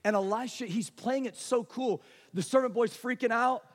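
A man preaching a passionate sermon, shifting between hushed, quiet moments and raised, urgent delivery. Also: extremely high pitch, moderate pace. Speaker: pastor. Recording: reverberant hall.

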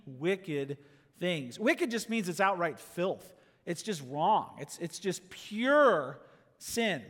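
A man preaching a sermon as pastor, asking rhetorical questions and going quiet for quoted asides. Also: sits high. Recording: long echo of a large hall.

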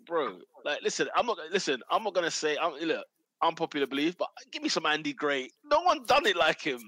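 A man's voice: fairly high pitch, sing-song, a little fast, no room sound. A man, hosting a football banter podcast in slang-heavy casual chat and laughing often. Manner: slangy, loud, laughs a lot. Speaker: podcast host.

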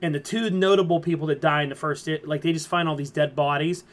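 A man's voice: a little high, fairly even intonation, fast. A man hosting a casual pop culture podcast, retelling comic plots in a rambling way full of fillers. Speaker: podcast host. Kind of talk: casual chat.

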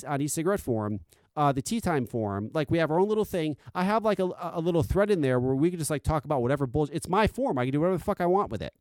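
A man rants on his own podcast in a fairly high, very animated voice that climbs for emphasis and drops low for asides. He is blunt and profane. The sound is dry and close. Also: no room sound. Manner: blunt and profane, swings between loud insistence and quiet confiding. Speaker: podcast host. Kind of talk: casual solo podcast rant.

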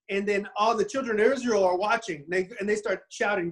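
A man casually retelling a Bible story in an animated, rambling way, often restarting his sentences. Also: high voice, normal speed, rough recording.

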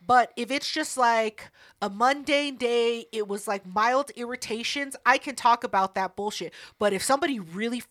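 A woman's voice: fairly high pitch, moderate pace, fairly bright tone, dry recording. A young woman co-hosting a casual podcast, teasing her co-host with dry comebacks.

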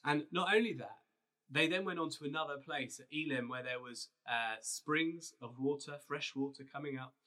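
A man's voice: a little high, normal speed, pushed and bright. A man, a pastor telling a Bible story as a casual, conversational sermon. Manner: storytelling, conversational with restarts and fillers.

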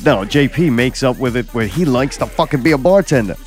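A man's voice: mid-range voice, lively intonation, a little fast, soft background music. A young man hosting a podcast, telling crude, joking stories in casual chat. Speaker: podcast host.

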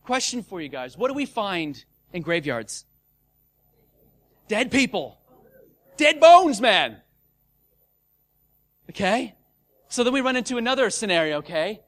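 Male preacher, high and bright, casual and energetic, bursts into loud acted-out moments. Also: normal speed, pauses often. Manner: energetic, casual, animated with shouted acted-out scenes. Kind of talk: sermon.

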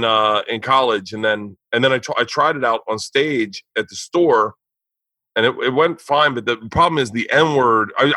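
A man, a comedian, telling a profane story in casual podcast talk, animated and laughing. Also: mid-range voice, no echo, poor audio.

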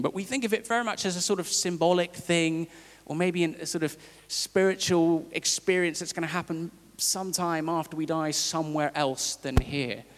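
Man preaching in a reverberant hall. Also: on the high side. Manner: conversational, halting with fillers and restarts. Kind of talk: sermon.

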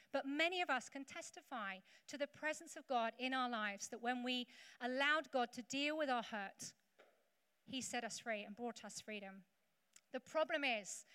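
In an echoey church hall with faint background noise, a woman preaches to her congregation in a conversational way, adding humorous asides. Her voice is on the high side, pushed and bright.

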